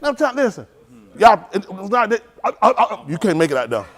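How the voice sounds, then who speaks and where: A middle-aged male pastor, preaching informally and telling lively street stories in which he acts out the voices. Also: high voice, fairly quick. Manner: animated storytelling, acts out voices, laughs.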